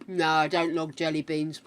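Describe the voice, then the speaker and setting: Low-voiced British woman chatting. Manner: chatty, rambling storyteller who reads chat aloud. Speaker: game streamer. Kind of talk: casual chat while gaming.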